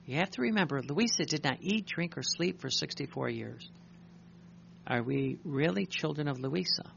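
A man preaching a sermon, reading passages aloud, halting with many fillers and restarts and clearing his throat often. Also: a little high, lively intonation, fairly bright tone. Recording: muffled recording with faint hum.

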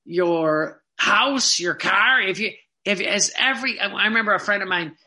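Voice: medium pitch, a little slow, bright, forceful tone. A preacher giving a sermon, asking the listeners earnest rhetorical questions and telling personal stories with quoted dialogue. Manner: tells personal anecdotes with quoted back-and-forth dialogue.

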